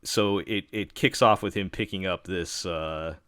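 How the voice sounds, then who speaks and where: Male podcast host from New York, very low voice, dry sound, loose rambling delivery. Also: a little slow, a bit bright, clear, resonant tone, no echo. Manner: rambling, many fillers and restarts. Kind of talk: casual chat.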